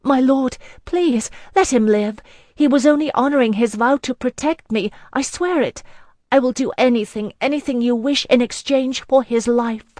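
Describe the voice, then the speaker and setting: A desperate young woman from a storybook fantasy, voiced by the narrator, her voice climbing high and loud as she pleads. She sounds close to tears and urgent. Dry, close audiobook sound. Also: moderate pace, dry recording.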